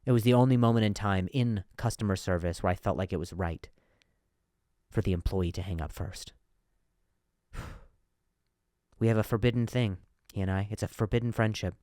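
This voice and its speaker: A man's voice: on the low side, normal speed, pauses often, dark tone, no echo, clean studio sound. A man hosting a comedy podcast, telling stories in a monologue, with a stutter and frequent repeated words and restarts.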